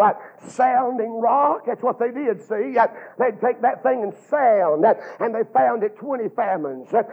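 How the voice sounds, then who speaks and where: A man preaching a fervent sermon, chanting his phrases with drawn-out "uh"s and building to shouts. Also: very high voice, breathy edge. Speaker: Baptist preacher. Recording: tinny, phone-like lo-fi sound.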